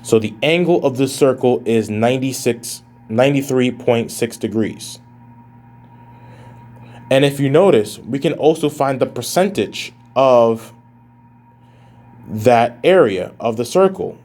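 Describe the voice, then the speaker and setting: A man's voice: mid-range voice, animated, unhurried, a little mellow. Casual male math professor lecturing. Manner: casual, addresses students as guys, thinks aloud while calculating. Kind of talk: recorded lecture.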